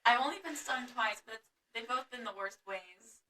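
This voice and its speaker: A woman's voice: on the high side, normal speed, pushed and bright. A young woman co-hosting a podcast, telling rambling, giggly stories in casual chat. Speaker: podcast co-host. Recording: distant mic with faint background noise.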